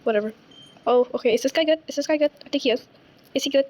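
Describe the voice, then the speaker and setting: A woman's voice: high-pitched, racing, a little mellow, slight background noise, low-quality recording. A woman playing a game and chatting to herself, jumpy and squealing when scared. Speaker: gamer playing a horror game. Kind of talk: casual gameplay commentary.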